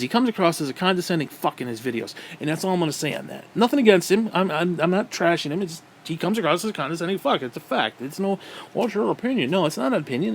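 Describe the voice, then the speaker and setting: A man delivering an angry, profane rant as a gaming vlogger, with loud outbursts. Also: sits high, slight background noise. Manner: profane and aggressive.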